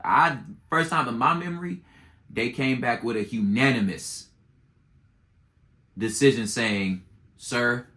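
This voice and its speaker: A man hosting a podcast who gives casual political commentary in slangy, animated storytelling and acts out both sides. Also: medium pitch, measured pace, long pauses. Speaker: podcast host.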